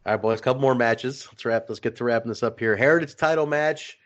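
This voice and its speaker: Animated male podcast host, lo-fi sound. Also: mid-range voice, fast. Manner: animated storyteller, laughs while retelling. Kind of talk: casual podcast chat. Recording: slightly dull lo-fi sound.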